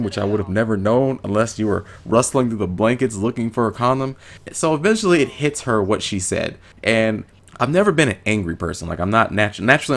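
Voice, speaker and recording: A man vlogger telling a funny story from his past in a casual, blunt and profane way. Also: medium pitch. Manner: profane, blunt, animated retelling.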